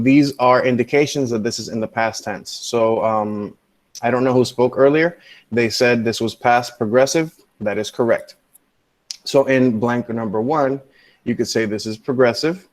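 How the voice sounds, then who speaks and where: Patient male teacher on a video call. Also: mid-range voice. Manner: patient, explanatory, keeps checking with "okay?". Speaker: English teacher. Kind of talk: online class lecture. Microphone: computer mic on a video call.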